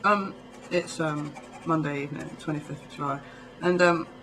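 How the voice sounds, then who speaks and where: A man's voice: fairly high pitch, fairly even intonation, moderate pace, noisy background. A man from near London with a southern English accent, vlogging in a casual, rambling way full of ums. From England, near London. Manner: rambling, chatty, full of ums and little laughs. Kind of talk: casual chat to camera.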